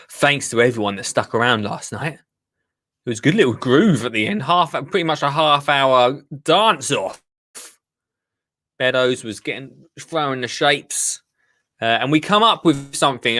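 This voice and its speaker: A man hosts a live gardening show in casual, rambling chat. He talks straight to his viewers and wanders off into asides. His voice sits at an ordinary middle pitch. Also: bright, forceful tone. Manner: rambling, chatty, reads viewer comments.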